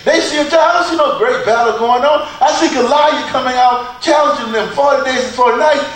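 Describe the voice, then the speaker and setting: A man preaching a sermon in a church, with a preacher's cadence, dramatic pauses and repeated phrases. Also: very high-pitched, a bit bright. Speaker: pastor. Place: church sanctuary. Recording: echoey church from far off.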